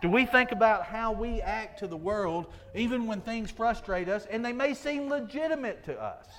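A man's voice: high voice, animated, normal speed, crowd noise. A man preaching a sermon in an earnest, folksy way, full of rhetorical questions.

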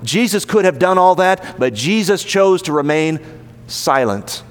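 Guy preaching, kinda high voice, punchy emphasis, long echo off the hall. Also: animated, a little slow, clean tone. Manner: emphatic, rising to stress points. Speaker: pastor. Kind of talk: sermon.

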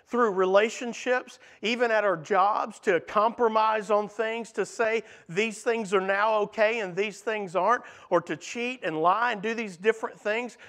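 A man preaching a sermon in a high voice for a man. He talks earnestly and often asks his listeners rhetorical questions. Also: fairly bright tone.

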